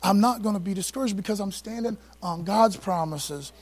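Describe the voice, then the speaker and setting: A man preaching with a rather high, husky voice. He talks to his listeners in a loose, conversational way, dropping slang and asides between scripture readings. He gets excited and rushes ahead when fired up. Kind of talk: sermon.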